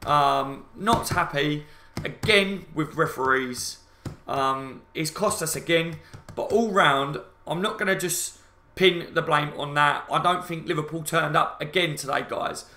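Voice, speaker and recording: A man's voice: fairly high pitch, unhurried, pushed and bright, a little hiss or hum. A man hosting a live fan reaction stream, ranting angrily and swearing, talking to his viewers and reading out their comments. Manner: angry, sweary, repetitive ranting; addresses viewers as guys, reads out chat comments. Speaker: football fan channel host. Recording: roomy echoey room.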